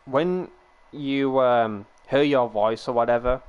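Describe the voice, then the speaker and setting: A man's voice: medium pitch, takes it slowly, smooth, dull audio. Rambling young man on a headset. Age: 20s. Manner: rambling, chuckling often. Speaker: livestreamer. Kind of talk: casual chat with stream viewers. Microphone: gaming headset.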